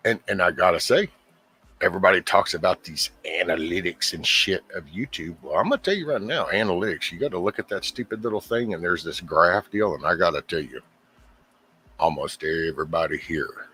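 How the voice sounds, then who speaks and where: A man hosting his own channel, talking in a casual, profane, exasperated ramble and mimicking other people in quick asides. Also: sits low, pushed and bright, slightly rough. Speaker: YouTube channel host.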